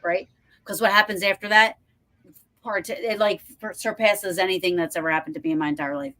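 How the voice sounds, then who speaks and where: A woman hosting a podcast over a video call, telling a story in animated, breathless bursts with lots of restarts and some swearing. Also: mid-range voice, fairly quick. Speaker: podcast host. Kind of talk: casual storytelling chat.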